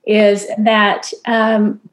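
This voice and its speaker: A woman's voice: medium pitch, completely flat delivery, extremely slow. A woman co-hosting a podcast, talking casually and reflectively, laughing easily. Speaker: podcast co-host. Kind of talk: casual chat.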